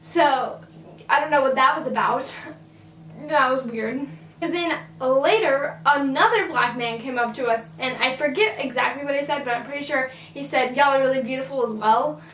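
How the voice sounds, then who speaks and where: A teenage girl with a high voice tells a rambling storytime, peppering every phrase with "like." She sits a little back from the mic in an echoey room, with a faint hum underneath. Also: normal speed, a bit bright, distant mic. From Virginia, USA. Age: teens. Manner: chatty, filler-heavy "like". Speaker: vlogger. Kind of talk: casual storytime.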